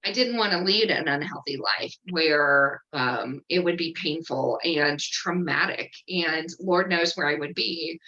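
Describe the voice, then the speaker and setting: A woman hosting a workshop, speaking earnestly and openly about personal matters, with frequent pauses and ums. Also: deep voice, sharp tone, highs cut off. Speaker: workshop host and coach. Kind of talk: candid personal sharing in a virtual workshop.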